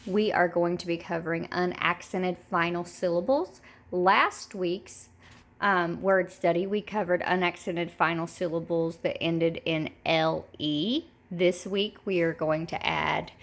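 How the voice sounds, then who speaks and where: A woman teaching a recorded third grade word lesson, speaking clearly and repeating each word slowly for the children. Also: fairly low pitch, a bit bright. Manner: slow, clear, modeling words by repeating them.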